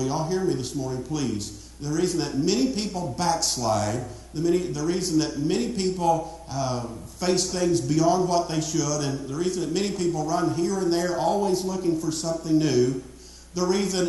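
A man's voice: fairly high pitch, a little mellow. A man preaching a sermon as pastor, emphatic and repetitive, calling out to the congregation. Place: church sanctuary. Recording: very echoey church hall.

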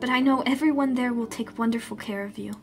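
A woman reading the lines of a gentle, scatterbrained mother on the phone, in a soft, tender way. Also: on the high side, steady tone, fast, faint music behind, natural voice. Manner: soft and tender, calls her daughter darling. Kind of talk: reading game dialogue aloud.

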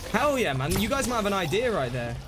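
A man's voice: high-pitched, sing-song, fast talker, noisy background. A young man streaming a game live, chatting casually with his viewers between plays. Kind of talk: casual live-stream chat while gaming.

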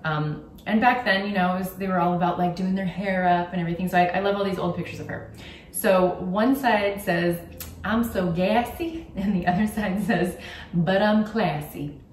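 A woman's voice: lowish voice, fairly even intonation, fairly quick, recorded from a distance, slight background noise. A young woman vlogging casually about gift ideas, candid and chatty with frequent ums. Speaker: YouTuber. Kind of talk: casual gift-guide vlog. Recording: roomy echo, from off the mic.

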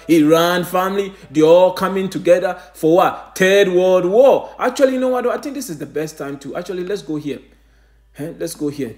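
Male preacher, fairly high voice, emphatic rhetorical questions, roomy echo. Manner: rhetorical questions, calls listeners family; emphatic, rises to loud exclamations. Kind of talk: online sermon reading news.

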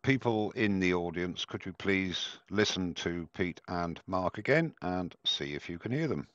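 A man's voice: low-pitched, lively intonation, unhurried, a bit bright, no echo. A man hosting a live demo stream, chatting casually and joking at his own expense over a headset. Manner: chatty, self-mocking, rambling. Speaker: host of a live woodturning demo. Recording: dull, dry headset sound.

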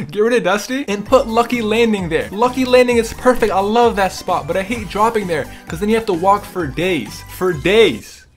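Lively young man joking over gameplay. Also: sits high, moderate pace, faint music behind. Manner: joking, excitable, talks to players and viewers. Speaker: gaming streamer. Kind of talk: casual gameplay commentary.

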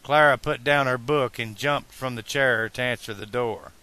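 A man narrating a fan-made audiobook in a slow, deliberate reading style. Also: medium pitch, steady tone, sharp tone.

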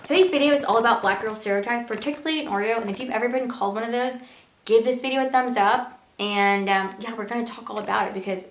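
A woman's voice: a little high, steady tone, quick pace. A young woman vlogging to camera in a casual, earnest way, full of rhetorical questions. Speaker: beauty and lifestyle vlogger. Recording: echoey room.

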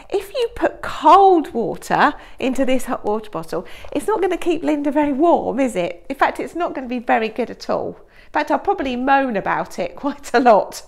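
A woman with a fairly high voice tells a story to young children at a school assembly. She talks in an expressive, playful way, sinking into hushed whispers and then climbing into loud, excited bursts. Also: fairly quick, gravelly.

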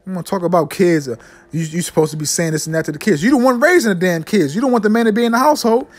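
A man preaching a fiery sermon, ending nearly every line with "man" and slowing down to read scripture solemnly. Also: high-pitched, faint music behind. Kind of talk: fiery street-style sermon with scripture readings.

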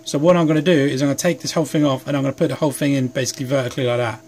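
A man's voice: mid-range voice, steady tone, rapid-fire, darkish tone, slight background noise. A young man chatting casually and rambling while he works at his bench, recorded on a phone, a little sleep deprived. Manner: rambling, chatty, self-deprecating. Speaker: hobby craft vlogger. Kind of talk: casual chat while working. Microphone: phone camera.

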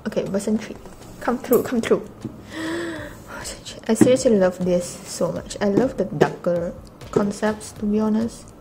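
Gushing young woman, lively pitch. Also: measured pace, background noise. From Malaysia. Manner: gushing, gasping, with frequent breathy exclamations. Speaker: vlogger unboxing albums. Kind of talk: casual excited unboxing chat.

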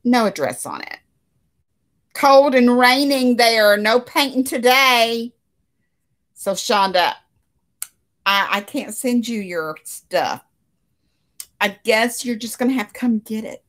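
A woman's voice: a little high, expressive, slow pace, pauses often, fairly bright tone. A woman hosting a casual crochet livestream from her living room, chatting with viewers and laughing often. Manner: chatty, reads out comments, frequent laughter. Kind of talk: casual chat with live viewers.

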